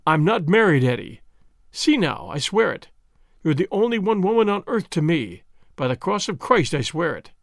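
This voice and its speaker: A man's voice: on the high side, big pitch swings, normal speed, gravelly, no echo, studio quality. Male reader's young man, ardent and persuasive, storybook lover. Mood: earnest. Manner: coaxing, earnest.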